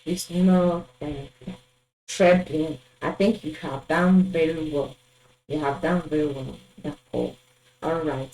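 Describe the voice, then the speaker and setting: Slow-speaking woman teaching French numbers. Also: fairly low pitch, darkish tone, echoey room, low-quality recording. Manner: slow, repeats each word twice, fillers. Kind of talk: language lesson, drilling numbers.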